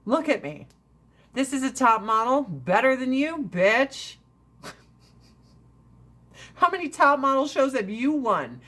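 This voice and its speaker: A woman's voice: sits high, sing-song, takes it slowly, pauses often, a bit bright. Brash, foul-mouthed woman ranting on a livestream. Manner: laughs often between lines. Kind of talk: casual livestream chat with viewers.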